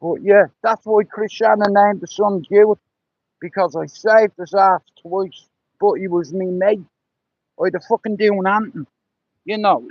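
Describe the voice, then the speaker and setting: Gravelly high-voiced man. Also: dry recording, highs cut off. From Ireland. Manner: rambling, profane, lots of "you know". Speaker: livestreamer. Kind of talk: casual storytelling on a livestream.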